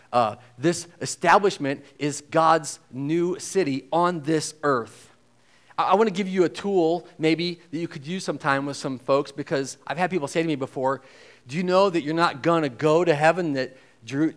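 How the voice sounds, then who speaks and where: Male pastor, higher-pitched, chatty sermon delivery with slow, weighted emphasis. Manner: conversational preaching, slowing down to stress key phrases.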